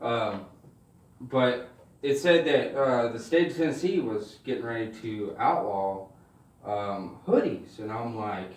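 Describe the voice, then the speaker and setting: Animated man telling stand-up stories. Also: mid-range voice, takes it slowly, roomy sound, far from the mic. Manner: animated, swears freely, acts out voices. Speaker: stand-up comedian. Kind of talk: stand-up storytelling.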